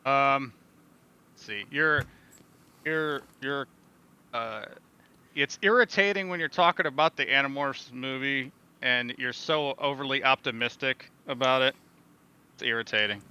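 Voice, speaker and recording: A man's voice: mid-range voice, measured pace, pauses often, bright, forceful tone, clear, resonant tone. A man chatting casually as a co-host, teasing bluntly with some hesitation. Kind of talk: casual chat.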